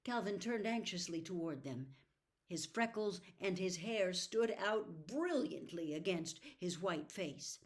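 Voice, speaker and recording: A woman narrating a novel aloud in an expressive storytelling manner. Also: on the low side, unhurried. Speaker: reader. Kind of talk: audiobook narration.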